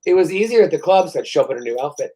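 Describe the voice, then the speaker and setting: A man's voice: on the high side, lively intonation, very fast, dark tone, poor audio. A middle-aged man co-hosting a podcast, ranting in a casual, profane and exasperated way while worn out after a shot. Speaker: podcast co-host. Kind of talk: casual chat.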